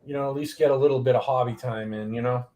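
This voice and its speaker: A man's voice: mid-range voice, fairly even intonation, quick pace, dark tone. A man chatting casually as a panel guest, rambling and friendly.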